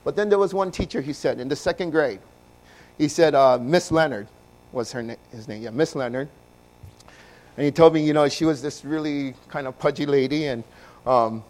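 Pastor guy giving a sermon, kinda high voice, goes quiet then gets loud, keeps asking the crowd stuff. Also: normal speed. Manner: swings from soft and low to loud and emphatic, asks the congregation questions.

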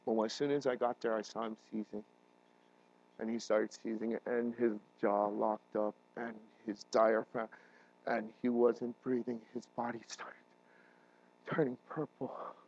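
A man preaching a sermon as a pastor, earnest and emotional, his voice building to loud emphatic peaks. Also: mid-range voice, level tone, a little slow, dull audio. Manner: emotional, voice rising and breaking while retelling a crisis.

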